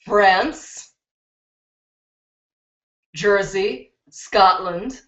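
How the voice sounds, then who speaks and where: A woman from Chicago hosting a beauty live stream, excitedly reading out viewer comments from her computer on a webcam. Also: medium pitch, moderate pace. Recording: roomy, dull lo-fi webcam sound.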